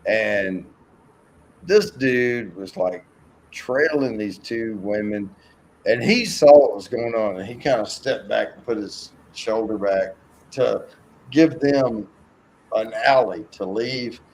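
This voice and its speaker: A man's voice: fairly low pitch, takes it slowly, darkish tone, a little hiss or hum, low-quality recording. A man telling rambling, profane stories in a casual chat and acting out the voices in them. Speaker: co-host.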